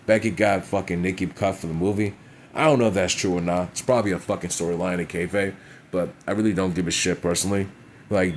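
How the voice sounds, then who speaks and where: Man, low voice, wrestling review rant, crude and blunt, light background hiss. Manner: blunt, profane, frequent "you know what I'm saying". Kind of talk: casual profane rant.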